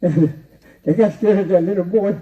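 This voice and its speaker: A man's voice: high voice, normal speed. A man telling a spoken story, rambling and repetitive, often chuckling to himself. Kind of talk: oral storytelling. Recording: distant, dull lo-fi recording.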